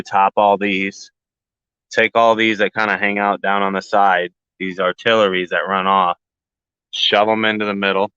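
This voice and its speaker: A man's voice: low voice, bright, forceful tone, clean tone, dry recording, muffled recording. A man hosting a casual walkthrough vlog, rambling and joking, short on sleep. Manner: rambling, jokey, talks to his plants. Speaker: grow channel host.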